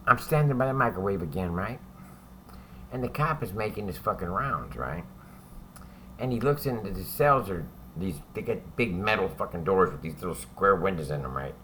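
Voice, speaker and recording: A man's voice: lowish voice, sharp tone, a little hiss or hum. A man telling a story about his time in prison in a casual, profane, rambling way, often adding "right?" as he goes.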